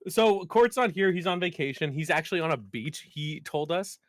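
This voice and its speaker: A man's voice: fairly high pitch, expressive, moderate pace, fairly bright tone, dry recording, clean studio sound. Upbeat laughing podcast host man. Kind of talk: casual chat.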